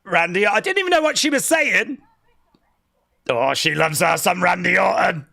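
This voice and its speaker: A streamer calling out live reactions, swinging widely between a low murmur and high excited shouts. The voice is bright and edged with gravelly fry, and the talk is unhurried but full of bursts of enthusiasm. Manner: excitable, shouts and laughs, chatty asides. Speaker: live stream watch-along host.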